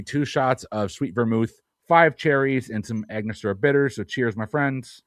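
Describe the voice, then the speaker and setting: A man's voice: medium pitch, normal speed, few pauses, dry recording. Podcast host guy, laid back, pokes fun at himself, dry close sound. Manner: relaxed, self-deprecating, introducing guests. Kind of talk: casual chat.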